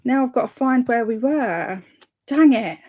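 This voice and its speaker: A woman hosts a casual reading livestream, her voice sitting a little high. She chats warmly with her viewers and reads their comments aloud. She cheers them on, laughing lightly as she goes. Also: lively intonation, measured pace. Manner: chatty and encouraging, with frequent small laughs. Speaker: livestream host of reading sprints.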